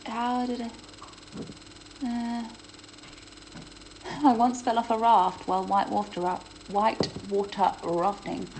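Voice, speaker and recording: A woman, chatting casually on a phone livestream, reading out viewer questions and answering them with a self-deprecating, quick-to-laugh manner. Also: fairly high pitch, darkish tone, slight background noise, low-quality recording. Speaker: host of a livestream Q&A.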